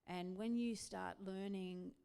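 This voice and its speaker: A woman with an Australian accent, a pastor's wife, chatting casually in a church interview, animated and laughing often. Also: medium pitch, slow pace, creaky, clear, resonant tone.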